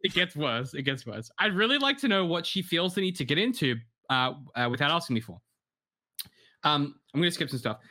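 A man's voice: fairly high pitch, sing-song, fairly quick, sharp tone. A man hosting an advice podcast, chatting casually, laughing often and reading out listener questions. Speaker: podcast host.

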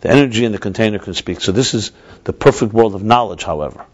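A man's voice: lowish voice, fast talker, darkish tone, dull audio. A man teaching a religious class in a discursive lecture, often correcting himself mid-sentence and mixing in Hebrew and Yiddish terms. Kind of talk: explanatory lecture.

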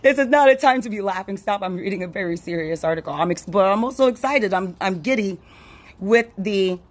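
A woman's voice: mid-range voice, animated, fairly quick. A woman hosting a casual solo podcast, rambling with frequent laughs, restarts and fillers. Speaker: podcast host.

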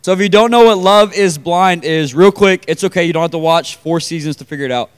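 A man's voice: fairly high pitch, fairly quick, clear, resonant tone. A young man preaching a casual, conversational sermon to a room of about forty people, with lots of fillers and questions put to the crowd.

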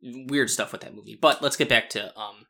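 A man's voice: mid-range voice, gravelly, pushed and bright. A man co-hosting a casual movie podcast, chatty and eager to share trivia. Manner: chatty, fact-sharing, quick asides. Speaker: podcast co-host.

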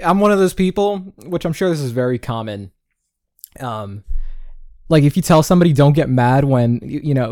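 A man's voice: mid-range voice, mellow, dry recording, clean studio sound. A man in his twenties hosting a casual solo podcast, rambling and swearing freely, with Spanish words dropped into his talk. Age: 20s. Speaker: podcast host. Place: indoor home recording setup.

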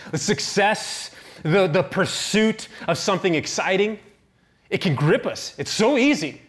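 A middle-aged pastor preaching, telling a self-deprecating personal story in an animated way. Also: male voice, medium pitch, a little hiss or hum.

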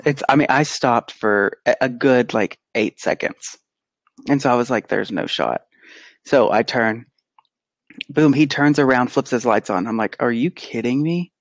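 A man co-hosting a podcast, telling an animated, casual story and acting out the quotes. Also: medium pitch, moderate pace, dry recording. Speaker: podcast co-host; pediatric physical therapist. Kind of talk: casual chat.

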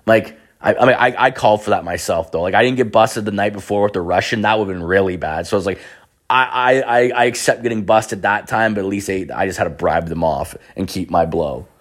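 A man's voice: on the low side, a little fast. A young man telling a rambling, profane personal story in casual chat. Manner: profane, rambling, many restarts and fillers.

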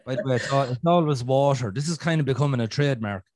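A man's voice: medium pitch, quick pace, darkish tone, dry recording. Rambling Irish man, dry sound. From Ireland. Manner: rambling, swears freely, restarts often. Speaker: podcast host. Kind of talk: casual chat.

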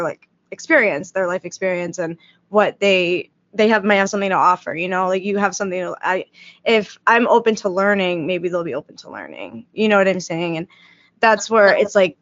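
A woman's voice: mid-range voice, a bit bright, highs cut off. Rambling young woman podcast host. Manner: rambling, filler-heavy, upbeat. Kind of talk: casual podcast chat.

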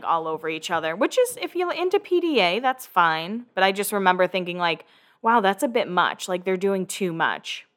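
A young woman casually recapping a reality show episode, acting out the cast's lines and swearing freely. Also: mid-range voice. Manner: animated, acts out quotes from the show, swears casually. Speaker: recap podcast host.

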